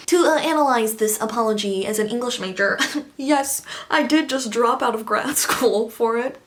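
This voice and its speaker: A woman's voice: fairly high pitch, gravelly. Sarcastic young woman commentary vlogger. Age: 20s. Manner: sarcastic, giggly, quick asides. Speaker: commentary YouTuber. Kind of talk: casual commentary vlog.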